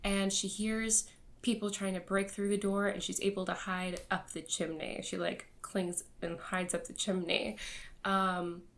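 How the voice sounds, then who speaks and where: A young woman talks through a book review in loose, rambling chat. She laughs often and leans on fillers, with a voice of ordinary middle pitch. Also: flat delivery, a little slow, fairly bright tone. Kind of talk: casual chat.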